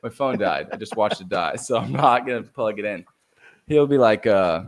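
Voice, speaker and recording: A man's voice: fairly low pitch, animated, normal speed. A young man on a podcast as a guest, chatting energetically, laughing often and swearing casually. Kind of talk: casual chat.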